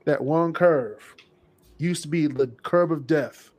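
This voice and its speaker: A man hosting a casual podcast chat, animated and joking, often mimicking people. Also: fairly high pitch, slow pace. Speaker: podcast host.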